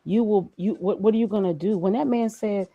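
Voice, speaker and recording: A woman's voice: medium pitch, a little fast, no echo, phone-quality sound. A woman speaking as a guest in a conversational interview, emphatic and preachy, firing off rhetorical questions. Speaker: graphic designer and guest.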